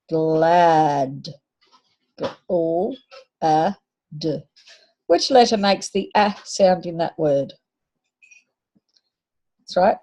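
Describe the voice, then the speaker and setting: A woman's voice: mid-range voice, dark tone. A woman teacher giving a patient phonics lesson to young children, sounding out letters and words.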